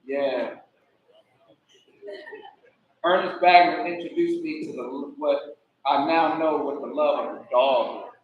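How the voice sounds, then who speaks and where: A man giving a memorial eulogy, telling animated stories with laughter and mimicking the deceased. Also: a little high, slow, pauses often, dull audio, a little hiss or hum. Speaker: eulogy speaker. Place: memorial service hall. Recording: echoey hall, voice from far off.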